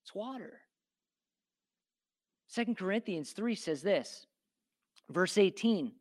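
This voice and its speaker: A man's voice: high voice, lively intonation, slow pace. A male pastor giving a sermon, talking casually and emphatically, repeating phrases for stress and asking the crowd rhetorical questions. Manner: conversational with asides and rhetorical questions.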